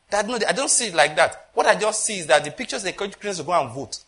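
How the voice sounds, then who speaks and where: A man preaching a sermon with passion, swinging between loud emphasis and quiet asides, often asking the congregation rhetorical questions. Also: sits high, animated, fast, hardly any pauses.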